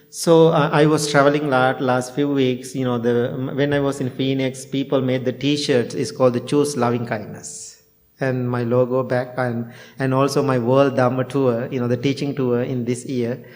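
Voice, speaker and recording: Chuckling monk giving a homely talk. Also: male voice, medium pitch, flat delivery, moderate pace, darkish tone. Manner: plain simple phrasing with chuckles, acts out both sides of conversations. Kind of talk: informal dharma talk to a temple group.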